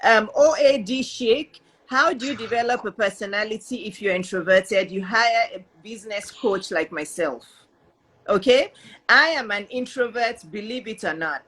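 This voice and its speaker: A woman hosting an interview as a business coach, talking in an animated, emphatic way and reading out viewer questions. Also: mid-range voice, slightly rough. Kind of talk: casual interview chat.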